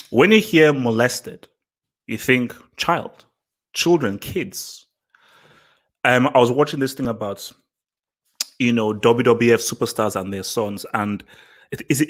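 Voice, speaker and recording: A man hosting his own vlog, giving casual opinion commentary in an emphatic way, repeating phrases and restarting sentences. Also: medium pitch. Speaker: vlog host.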